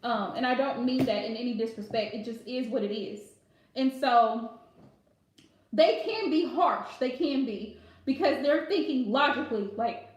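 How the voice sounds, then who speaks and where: A woman's voice: on the high side, normal speed. A woman giving casual, direct advice to viewers on a live stream, chatty and laughing often, calling listeners pet names. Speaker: live tarot reader answering viewer questions. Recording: very echoey room.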